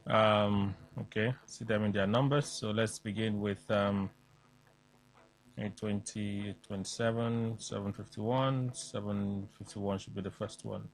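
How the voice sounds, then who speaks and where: Radio host reading listener texts. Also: male voice, on the low side, fairly even intonation, measured pace, creaky, slight background noise, rough recording. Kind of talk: reading listener messages on air.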